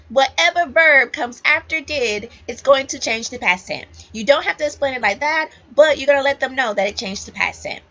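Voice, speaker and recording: A woman's voice: a little high, pushed and bright. A woman ESL teacher giving casual, emphatic advice to new teachers, repeating key points straight to the viewer. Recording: dull lo-fi audio.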